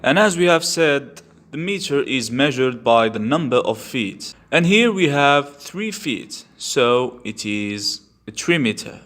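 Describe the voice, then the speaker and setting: Slow, patient male literature teacher. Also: mid-range voice, lively intonation, a bit bright. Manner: patient, instructive, repeats key terms. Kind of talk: slow step-by-step lesson.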